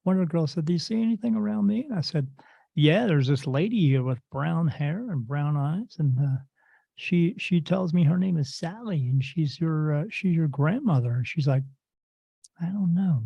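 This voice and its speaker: Gravelly man telling stories animatedly. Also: a little high, no room sound, dull audio. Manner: animated storyteller acting out quoted voices. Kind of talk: casual storytelling interview.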